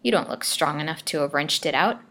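A woman voicing a deformed, malicious old man who speaks doggedly in rough grammar. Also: sits low, expressive, brisk, bright, forceful tone, heavily acted. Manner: dogged, uneducated speech.

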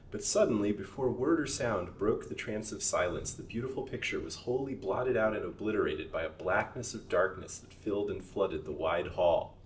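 A man reading a serialized novel aloud as a storyteller, in a measured, steady way. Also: on the low side. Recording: roomy recording from a distance, faint hiss.

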